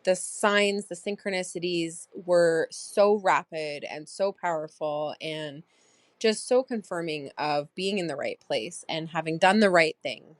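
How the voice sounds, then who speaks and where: A woman's voice: on the low side, unhurried, no echo. A woman in her thirties hosting a personal diary podcast, reflective and rambling with many fillers. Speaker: podcast host.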